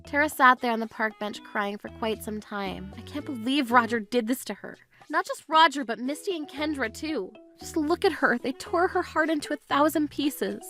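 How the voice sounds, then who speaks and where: A woman gives scripted storybook narration with an expressive, chatty delivery. Her voice is high and bright, and her pitch moves around a lot. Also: normal speed, hardly any pauses, soft background music.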